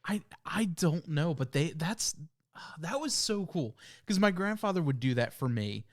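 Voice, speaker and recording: A man's voice: fairly high pitch, expressive, unhurried. A young man co-hosting a podcast, chatting casually and rambling through family anecdotes. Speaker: podcast co-host. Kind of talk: casual chat.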